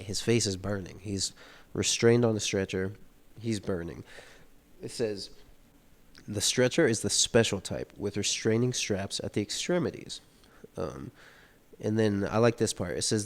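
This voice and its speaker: A man's voice: fairly low pitch, moderate pace. A man reading a novel aloud and talking through it in a loose, casual way, with lots of fillers. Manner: reads passages aloud then explains them loosely, many "like" fillers. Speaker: book reader and commentator. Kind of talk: casual read-along commentary.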